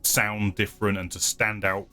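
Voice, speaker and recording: A man's voice: on the low side, flat delivery, normal speed, bright, forceful tone, faint music behind. A man hosting his channel who chats casually through viewer comments, rambling, hedging and often laughing at himself. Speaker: channel host.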